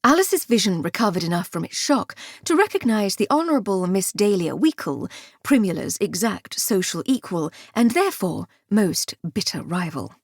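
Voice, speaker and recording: A woman narrating an audiobook with expressive, wry comic storytelling. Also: medium pitch, normal speed, dry recording, studio quality. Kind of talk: scripted narration.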